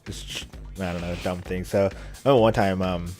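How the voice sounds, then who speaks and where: A man's voice: deep voice, steady tone, normal speed, darkish tone, soft background music. A young man telling rambling stories while commenting on a video game, with lots of filler words and frequent laughs. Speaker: let's play commentator. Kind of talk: casual gameplay commentary, storytelling.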